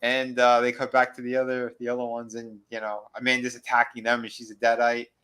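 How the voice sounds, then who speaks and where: A man's voice: medium pitch, completely flat delivery, a little fast, bright, forceful tone, clean tone, rough recording. A man co-hosting a podcast, casually recapping a horror series in a rambling way full of fillers, now and then acting out lines from the show. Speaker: podcast co-host.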